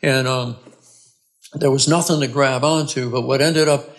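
A man, a podcast guest, earnestly telling his own story in a halting way, restarting and repeating words. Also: mid-range voice, fairly even intonation. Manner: earnest and plain-spoken. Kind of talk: conversational storytelling.

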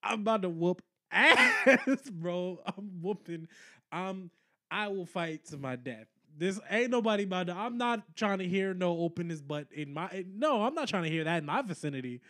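High-pitched, lively young man. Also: moderate pace. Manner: playful, acts out voices and drops into low mutters. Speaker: podcast co-host. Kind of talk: casual comedic chat.

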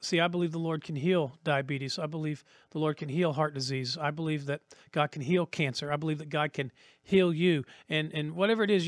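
A man's voice: on the high side, no echo, studio quality. A man preaching a sermon as a pastor, earnest and repetitive, rising to emphatic peaks.

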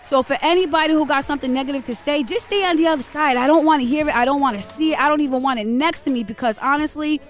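A woman's voice: high voice, quick pace, few pauses, faint music behind. A woman in her forties from Rhode Island, co-hosting a morning radio show in blunt, preachy, fiery casual talk. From Rhode Island, USA. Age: 40s. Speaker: radio co-host.

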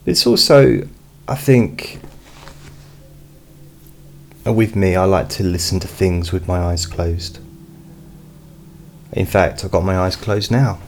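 A man who hosts hypnosis recordings, chatting in a slow, meandering way with many fillers. He is speaking at home into a studio microphone behind a pop filter. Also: sits low, fairly even intonation, a little mellow, a little hiss or hum. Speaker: hypnotist host. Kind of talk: casual personal update. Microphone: studio mic with pop filter, not close.

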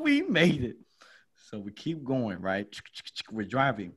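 A man's voice: slow, long pauses. A man hosting a podcast, telling a comedy story and acting out the voices in it. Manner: lively, acts out quotes with big jumps in pitch. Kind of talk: animated storytelling chat.

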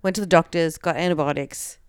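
A woman's voice: low voice, steady tone, a little fast, clean tone, no echo, studio quality. A woman comedian telling a long story in casual chat, full of "like" and acting out the quoted lines. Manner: chatty, peppered with "like", acts out quoted dialogue.

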